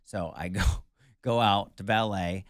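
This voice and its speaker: A man's voice: on the low side, measured pace, no echo. Man co-host telling a story, dry mic. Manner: lively storyteller who acts out his own past shouts. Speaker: podcast co-host. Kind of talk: casual chat, telling a story.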